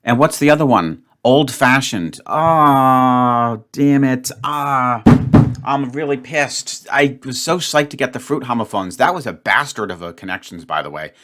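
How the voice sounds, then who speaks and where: On his solo puzzle channel, this man works through a word game out loud, frustrated and muttering self-talk as he grumbles at himself. He has an expressive, mid-range, fairly bright voice and a measured pace.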